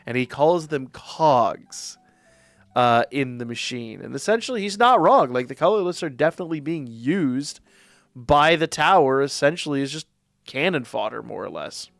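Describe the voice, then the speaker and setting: A man's voice: medium pitch, normal speed, gravelly, no echo, soft background music. A man hosting a manga reaction channel, talking casually and with enthusiasm, often tripping over and repeating his words. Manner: enthusiastic, rambling, repeats words when excited. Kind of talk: casual reaction and review chat.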